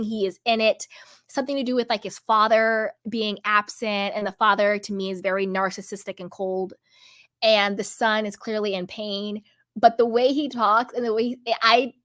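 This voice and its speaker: A woman's voice: medium pitch, a bit bright, no room sound, clean studio sound. A woman hosting a commentary channel, talking in a casual, emphatic way with repetitions and rambling asides.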